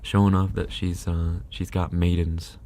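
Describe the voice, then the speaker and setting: A man's voice: low-pitched, little pitch movement, a little slow, mellow, slight background noise. A sleepy man hosting a casual ASMR live stream into a binaural dummy-head mic, joking in a crude, laid-back way. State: sleepy with coughs. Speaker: streamer host.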